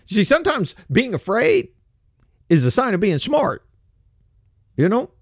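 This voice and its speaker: An older male host delivers a sarcastic political commentary monologue, blunt and coarse. His voice sits high for a man and swings all over the place. The sound is dry and close, with no room echo. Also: huge pitch swings, a little slow, creaky. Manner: mocking and sarcastic, laughs often; blunt, coarse street talk.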